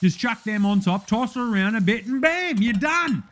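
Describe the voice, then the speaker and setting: A man's voice: sits high, expressive, moderate pace, fairly bright tone, a faint crowd. A man playing a brash, blokey male Australian TV cooking host with an Australian accent, in a comedy cooking-show parody full of crude matey banter.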